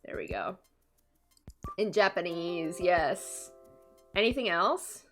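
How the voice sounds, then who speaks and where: Unhurried Canadian woman streamer chatting. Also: on the low side, expressive, fairly bright tone, faint music behind. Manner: chatty, laughs often, reads and answers chat. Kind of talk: casual live-stream chat.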